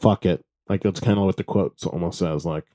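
Lowish-voiced man picking ideas apart. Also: fairly even intonation, quick pace, dark tone. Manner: questioning, picks apart ideas, crude humor. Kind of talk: casual chat.

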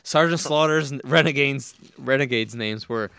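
Gravelly bright-voiced podcast guy. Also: mid-range voice, animated, a little fast, dry recording, studio quality. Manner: loose, swearing, laughing riffs. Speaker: podcast co-host. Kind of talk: casual comedy podcast banter.

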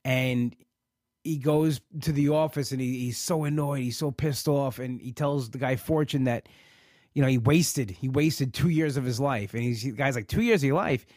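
A frustrated man hosting a live podcast vents in a rambling, halting way, starting over and repeating himself. His voice sits in a middle pitch. It is recorded dry, with no room echo. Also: steady tone, a little mellow. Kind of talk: emotional live talk.

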